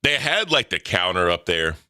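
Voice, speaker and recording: Deep, forceful man host. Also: big pitch swings, moderate pace, no room sound, studio quality. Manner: profane, rambling, bantering. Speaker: podcast host. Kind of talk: casual crude commentary.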